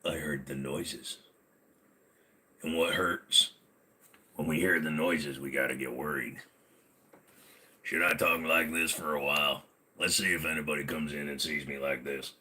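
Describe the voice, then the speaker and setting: A man putting on a gruff, slow, low and muffled voice as a joke on a livestream. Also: steady tone, bright, forceful tone, full character voice. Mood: brooding. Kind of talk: joking put-on voice on a livestream.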